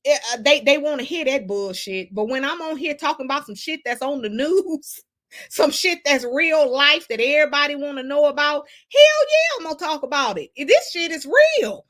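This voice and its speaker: A woman hosting a casual gossip livestream, sassy and animated, laughing often as she reads the chat. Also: high-pitched, normal speed. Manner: sassy, animated, laughs a lot, Southern Black American slang. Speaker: livestream host reading chat.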